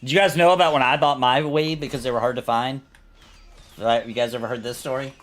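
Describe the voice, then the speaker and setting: A man in his thirties hosting a casual gaming chat, telling an anecdote in an animated way, often tossing in "you know what I mean.". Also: mid-range voice, fast. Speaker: host.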